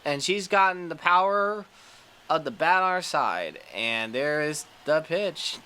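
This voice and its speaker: A gaming creator giving excitable play-by-play commentary over a baseball video game, cheering at the big plays. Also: medium pitch, a little slow, clean tone.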